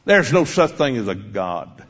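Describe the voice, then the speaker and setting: A man voicing a loud, scornful male atheist who rants and mocks a crowd, on a dull lo-fi recording. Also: medium pitch, very animated, unhurried, husky. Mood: ranting. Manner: ranting, mocking, defiant.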